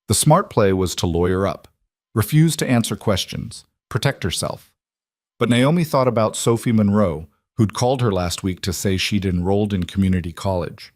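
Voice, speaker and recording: Low-voiced male audiobook narrator, dry sound. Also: expressive, normal speed, darkish tone, dry recording. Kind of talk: scripted narration.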